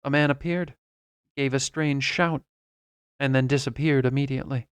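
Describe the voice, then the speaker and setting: A man reading a classic novel aloud as an audiobook, narrating in the first person in a measured, expressive way. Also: medium pitch, smooth, no room sound.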